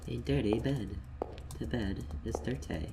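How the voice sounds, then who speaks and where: A man giving casual, joking game commentary, swinging between mumbles and loud outbursts. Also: mid-range voice, unhurried, vocal fry, noisy background. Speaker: let's play gamer.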